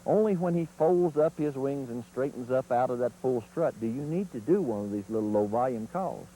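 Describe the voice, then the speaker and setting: Folksy man teaching with a lively voice. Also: medium pitch, fairly quick, a little hiss or hum, poor audio. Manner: folksy, plain-spoken teaching. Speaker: turkey calling instructor. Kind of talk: instructional video demonstration.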